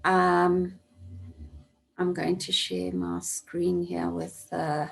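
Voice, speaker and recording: Woman teacher with a gravelly voice. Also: lowish voice, sing-song, drawn-out words, a little hiss or hum. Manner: instructive, repeats points for emphasis. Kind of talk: online class lesson. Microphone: computer mic on video call.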